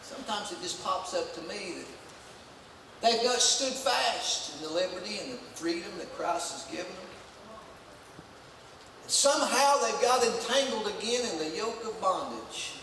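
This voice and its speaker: Male pastor, folksy, punchy, booming sanctuary echo, faint room hiss. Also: animated, moderate pace. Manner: folksy, emphatic preaching with rising shouts. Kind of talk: sermon. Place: church sanctuary. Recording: echoey church hall from far off.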